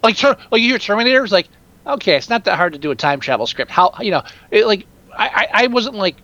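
A man chatting casually about movies, excitable and swearing freely. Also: high voice, fast talker, no echo, dull audio.

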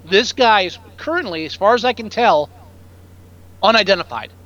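A high-pitched man with a very lively, swooping delivery chats casually about a movie he is reviewing. He jokes, picks scenes apart and sometimes mimics lines from the film. The recording sounds dull and lo-fi. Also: moderate pace. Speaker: podcast co-host.

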